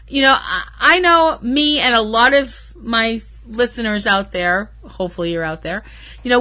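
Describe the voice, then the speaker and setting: A woman with a slightly high, sharp-toned voice hosts her own podcast solo. She chats casually and rambles, tossing in sarcastic asides.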